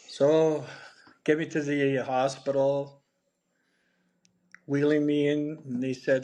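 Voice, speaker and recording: Older man, 70s, higher voice, casual storyteller, swears and laughs. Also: flat delivery, slow pace, long pauses, mellow. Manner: chatty, blunt, swears freely, laughs through stories. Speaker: podcast guest.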